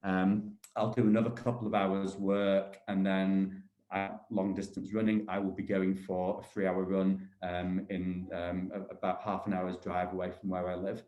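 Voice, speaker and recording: Low-voiced Mancunian man, chatty. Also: level tone, moderate pace, few pauses, darkish tone, roomy sound, dull audio. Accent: Manchester English. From England. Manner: chatty, rambling with restarts. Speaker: property developer guest. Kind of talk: casual video-call interview. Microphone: video call.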